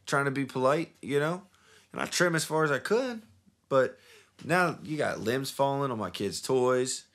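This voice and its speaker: A man's voice: medium pitch, expressive, moderate pace, fairly bright tone. A man co-hosting a casual podcast, laid-back and rambling, swearing freely as he chats in a studio. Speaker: podcast co-host, rapper. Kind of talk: casual chat. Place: recording studio.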